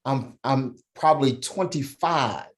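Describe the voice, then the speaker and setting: A man's voice: mid-range voice, takes it slowly. A middle-aged man telling a personal story as a podcast guest, emphatic, often checking in with "right?" and "man".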